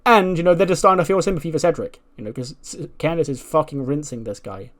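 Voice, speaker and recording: A man's voice: fairly high pitch, fast talker. A man talks through a wrestling management game in casual commentary. His delivery is loose and rambling, full of fillers, with plenty of swearing along the way. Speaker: gaming video creator.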